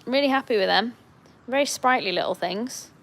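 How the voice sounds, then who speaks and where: A woman's voice: on the high side, a little fast, vocal fry, a bit bright. A woman farmer chatting casually on a livestream from her sheep shed, fondly talking to her lambs between comments. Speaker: farmer vlogger.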